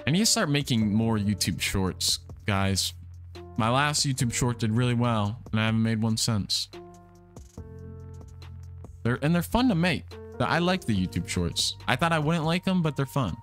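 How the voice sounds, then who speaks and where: A man's voice: medium pitch, lively intonation, normal speed. A young man hosting a game livestream, talking casually and rambling, often restarting and repeating his words. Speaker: livestream gamer host. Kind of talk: casual livestream chat while playing. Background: soft background music.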